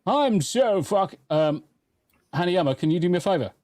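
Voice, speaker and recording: A man hosting a casual commentary stream, his voice lively and moving over a wide range. He talks in a profane, joking manner, reading out stories and reacting to them. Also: high voice, moderate pace. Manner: profane, joking, reads news aloud. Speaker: podcast host.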